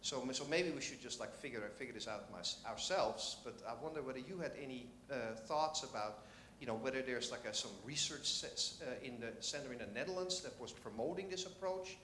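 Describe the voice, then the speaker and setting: A man's voice: mid-range voice, a little fast, pushed and bright, echoey room, slight background noise. A man in the audience of a conference asking a question, rambling and joking. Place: lecture hall.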